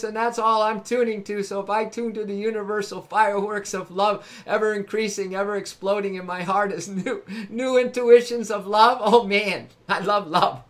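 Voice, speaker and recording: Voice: mid-range voice, a bit bright. A spiritual livestream host giving an ecstatic, laughing talk, calling out to viewers and breaking into sung affirmations. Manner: exuberant, laughing, calls out to viewers. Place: home live stream.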